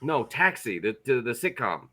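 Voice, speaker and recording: A man guesting on a podcast, talking excitably about a movie, swearing and stumbling over his words. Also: mid-range voice, moderate pace, crowd noise. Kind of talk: casual chat about a movie.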